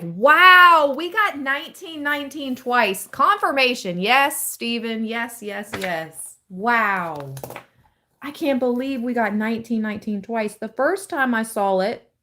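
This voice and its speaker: A young woman with a high-sitting voice hosts a live tarot reading. She chats casually and excitedly, laughing often.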